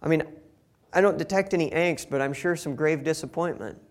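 A man's voice: on the high side, brisk. A man reading a Bible passage aloud and explaining it in a casual, conversational way, acting out the quoted lines in different voices. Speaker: Bible teacher. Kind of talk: scripture reading with casual commentary.

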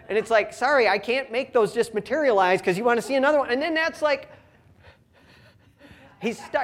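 A young man and father giving a conversational, humorous sermon and reading scripture slowly. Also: extremely high pitch, animated. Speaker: pastor.

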